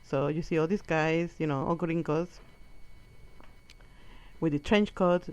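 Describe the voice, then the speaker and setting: A woman from Colombia doing stand-up, telling a story in a profane, animated way and acting out the people in it. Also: low-pitched, a little slow. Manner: animated, profane, acts out quotes. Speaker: stand-up comedian. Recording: dull lo-fi recording.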